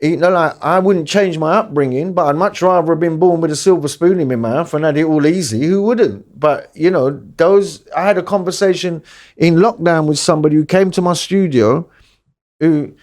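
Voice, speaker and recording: A man's voice: a little high, moderate pace, a little mellow. A middle-aged man with an East London accent, talking candidly and bluntly as a DJ guest, swearing freely. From East London, England. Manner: blunt, swears freely, mimics people in quotes. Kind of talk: candid podcast interview.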